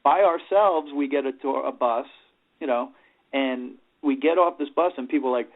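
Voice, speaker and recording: A man's voice: fairly high pitch, brisk. A middle-aged man from New York, an interview guest and rock singer, telling stories in a loose, rambling way and filling gaps with "you know". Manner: rambling, leans on "you know", acts out quoted voices. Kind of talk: casual storytelling interview. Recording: tinny phone-like sound.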